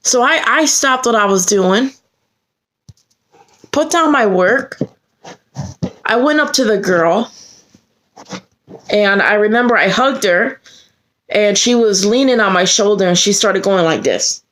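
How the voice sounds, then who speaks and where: A woman's voice: expressive, measured pace, long pauses, a bit bright. A woman telling a personal story to the camera in an earnest way. Her voice climbs sharply when she gets indignant. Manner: earnest, heated retelling that rises sharply in pitch when indignant.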